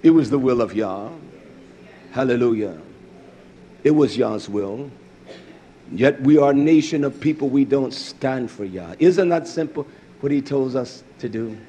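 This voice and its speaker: A man preaching a fiery sermon, swinging from loud outbursts to low murmurs, with a husky voice. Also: lively intonation, measured pace, long pauses.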